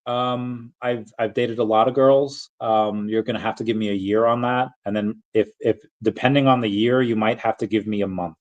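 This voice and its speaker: A man's voice: lowish voice, fairly even intonation, moderate pace, hardly any pauses. Rambling man on a dull lo-fi stream. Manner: rambling, self-interrupting, chuckling. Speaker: streamer answering chat. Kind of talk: casual livestream chat.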